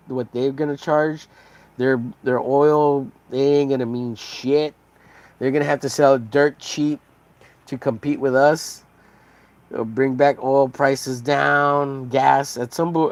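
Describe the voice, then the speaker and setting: A man's voice: mid-range voice, measured pace, dry recording. A man hosting a podcast, ranting casually in a profane, rambling, heated way. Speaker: podcast host. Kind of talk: casual rant.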